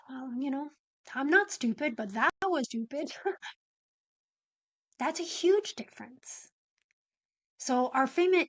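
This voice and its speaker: Woman coach on a podcast, high voice, super dry close sound, acts out little example lines. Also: dry recording. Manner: animated explainer, acts out example phrasings. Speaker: podcast guest, business and mindset coach. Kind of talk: conversational interview.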